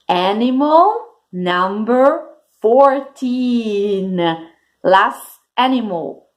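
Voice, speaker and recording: A teacher speaks very slowly to young children, drawing each word out and spelling out its first sounds. Her pitch rises and falls a lot, and English is not her first language. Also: lively intonation. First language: Italian. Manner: slow, deliberate, sounding out first letters for kids.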